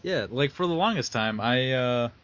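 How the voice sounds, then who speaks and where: A man's voice: medium pitch, animated, normal speed, a bit bright, muffled recording. A man co-hosting a casual podcast chat in a joking, teasing way. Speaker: podcast co-host.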